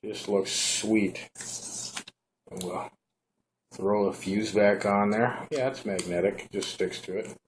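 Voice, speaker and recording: A man giving a relaxed, rambling hands-on product review at home, talking to the camera as he shows the device. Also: lowish voice, slow, pauses often, a little hiss or hum.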